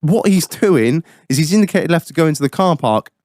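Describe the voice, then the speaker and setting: A man hosting a podcast, telling a road-rage story in a profane, animated way. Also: on the high side, a little fast, no echo, clean studio sound. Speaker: podcast host. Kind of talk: casual chat, storytelling.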